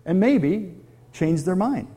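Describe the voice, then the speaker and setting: A man's voice: high-pitched, big pitch swings, slow, warm tone, breathy edge. A middle-aged man preaching a sermon, conversational and full of questions to his audience. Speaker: pastor.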